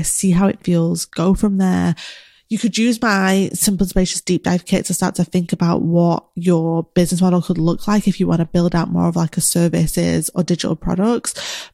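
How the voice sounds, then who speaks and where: A woman's voice: lowish voice, creaky, mellow, dry recording, clean studio sound. A woman, a business coach, gives encouraging, chatty advice in a casual solo Q&A with many filler words. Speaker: business coach answering listener questions.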